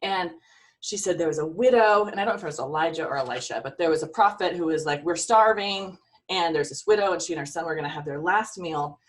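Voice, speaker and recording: A middle-aged woman life coach speaks over a video call in an earnest, emotional pep talk full of faith. Her voice sits fairly low and sounds set back from the mic. It feels like a heartfelt talk to a team. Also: fast, recorded from a distance.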